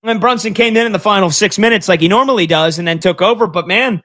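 A man in his thirties hosting a sports talk radio show, talking like an excitable, fast-talking fan. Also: high-pitched. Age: 30s.

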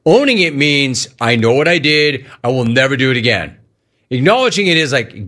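A man hosting a sports talk show, talking casually in a mocking, animated way with quick asides. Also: medium pitch. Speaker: sports talk radio host.

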